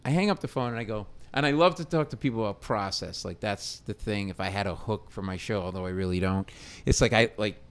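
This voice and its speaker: A middle-aged man, a comedian, telling a story on a talk show. He is animated and acts out the voices in his story with loud bursts. His speech is casual and quick to shift. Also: on the low side, clean tone. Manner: animated, acts out quotes loudly. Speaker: comedian guest. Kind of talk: storytelling chat.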